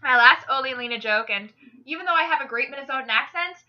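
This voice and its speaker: Chatty woman podcast host, animated storyteller; higher voice, dull lo-fi recording. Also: quick pace. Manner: animated, jokey storyteller with fillers. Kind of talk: casual joke-telling chat.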